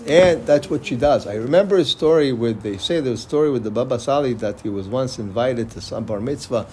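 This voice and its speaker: A man's voice: medium pitch, fairly quick, darkish tone, slight background noise. A man giving a Torah class, casually retelling religious stories and mixing in Hebrew terms as he goes. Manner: loose storytelling with Hebrew terms and restarts. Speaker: Torah teacher.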